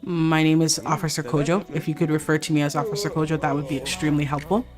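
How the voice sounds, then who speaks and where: A woman voicing a calm, formal male police officer who asks questions in a stiff, overly polite way. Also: low-pitched, fast talker, music in the background, natural voice. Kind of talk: voicing game characters in a let's play.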